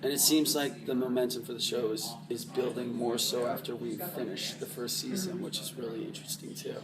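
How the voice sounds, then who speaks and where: A man's voice: mid-range voice, brisk, distant mic, low-quality recording. A man, an actor being interviewed, chiming in casually and teasing his co-star. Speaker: actor guest. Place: busy fan convention floor. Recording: off-mic voice, loud convention crowd.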